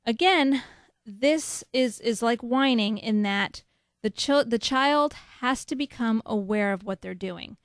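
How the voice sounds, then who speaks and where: A woman's voice: a little high, slow pace, no room sound, studio quality. A woman hosting a parenting podcast, answering listener questions in a frank, matter-of-fact, firm way. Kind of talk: casual advice talk.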